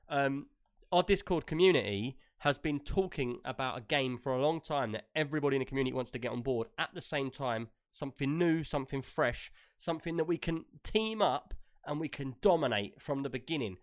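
A man's voice: medium pitch, lively intonation, a little fast. A man hosting a gaming podcast, chatty and rambling, often laughing. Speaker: podcast host. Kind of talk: casual gaming podcast chat.

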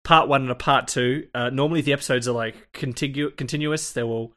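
Animated man recapping an anime. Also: mid-range voice, a little fast. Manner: animated, acts out lines. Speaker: podcast co-host. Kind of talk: casual chat recapping an anime.

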